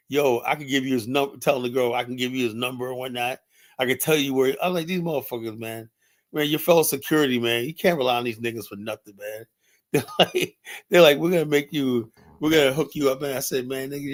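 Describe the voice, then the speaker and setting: A man at a mid-range pitch hosts his own streaming talk show. He tells loose, profane stories about his past, breaking into laughter and acting out other people's lines. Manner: laughing, profane, animated retelling with quoted voices. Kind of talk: casual storytelling monologue. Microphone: streaming setup mic.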